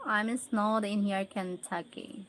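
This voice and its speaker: A woman's voice: mid-range voice, level tone, takes it slowly, a bit bright, a little hiss or hum, low-quality recording. A Filipino woman hosting a casual livestream, chatting with viewers and often laughing as she reads their names and comments aloud. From Philippines. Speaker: livestream host.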